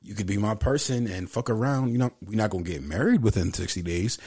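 A man's voice: fairly low pitch, lively intonation, quick pace, a little mellow, husky. A man co-hosting a casual podcast chat, talking loosely in profane, joking slang. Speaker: podcast co-host.

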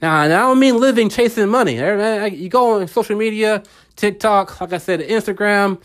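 A man in middle age speaks in a slightly raised pitch, circling back over his points with earnest, preacherly repetition. It sounds like a casual motivational podcast monologue. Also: animated, moderate pace. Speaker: podcast host.

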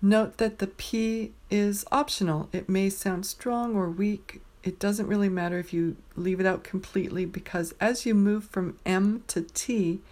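A woman teaching pronunciation, saying each word slowly and clearly, with pauses between words. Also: mid-range voice, fairly even intonation, a little mellow. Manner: carefully enunciated single words with pauses. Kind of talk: slow, deliberate pronunciation drill.

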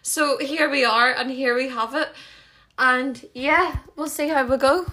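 Young Northern Irish woman hosting her own podcast. Bright, chatty, talks fast and loud with self-conscious asides. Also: high voice. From Northern Ireland. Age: 20s. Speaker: podcast host. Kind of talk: casual solo chat.

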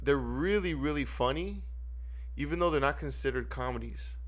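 Male podcast co-host, casual, rambling and profane, mid pitch. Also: expressive, moderate pace. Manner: rambling, swearing, acts out movie lines. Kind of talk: casual chat.

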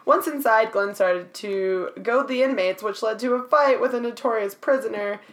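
A woman's voice: fairly high pitch, moderate pace. A woman reading out trivia in a casual chat, laughing often and swearing freely.

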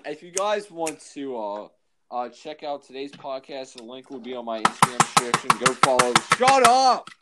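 A man's voice: medium pitch, normal speed, very noisy. A young man from Pennsylvania co-hosting a casual podcast, swearing often and laughing easily. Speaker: podcast co-host. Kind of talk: casual chat.

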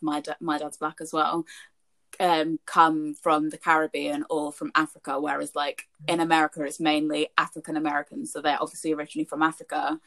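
A woman co-hosting a casual chat, teasing and reacting quickly, swearing freely. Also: low-pitched, vocal fry, fairly bright tone.

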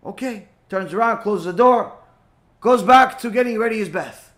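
Male teacher, high voice, lively storyteller who acts out his characters. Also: moderate pace. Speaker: Torah teacher. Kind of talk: storytelling lesson.

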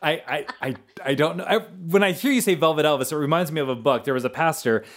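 A man's voice: a little high, fast, fairly bright tone. A man co-hosting a podcast in casual chat, playful and joking, sometimes tripping over his words. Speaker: podcast co-host.

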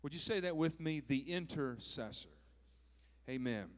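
A man's voice: a little high, animated, moderate pace. A pastor from southern Minnesota preaching a folksy, joking sermon that he peppers with "praise God" and "amen.".

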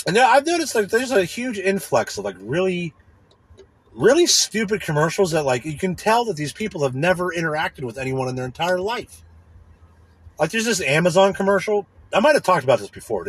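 A man's voice: high-pitched, sing-song, brisk, slightly rough. A man hosting a podcast, ranting in a profane, rambling way, often asking "you know what I mean.". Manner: profane, rambling, irritated complaining. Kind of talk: casual rant.

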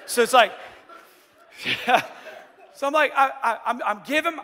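Man in his forties, pastor preaching, animated and emphatic, high bright voice, reverberant hall. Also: moderate pace, a little hiss or hum. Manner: animated, emphatic storytelling, self-deprecating. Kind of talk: sermon. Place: stage in a large hall.

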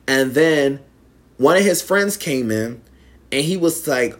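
A man's voice: mid-range voice, normal speed. A young man casually telling a personal story to viewers, acting out the quoted lines in a raised voice. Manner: animated, acts out quotes in raised voice.

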